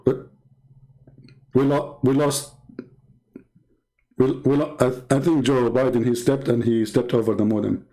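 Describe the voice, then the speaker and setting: A man's voice: medium pitch, steady tone, measured pace, pauses often, warm tone. A man from the Middle East whose first language is Arabic, speaking as a Christian apologist in combative, sarcastic polemic talk that hammers home the same points.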